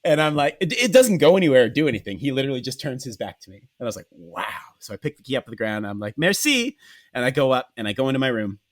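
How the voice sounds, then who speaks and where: A man's voice: mid-range voice, rapid-fire, few pauses. Brief: podcast host man, swearing storyteller, voice jumping all over. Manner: profane, animated, acts out dialogue. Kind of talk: casual comic storytelling.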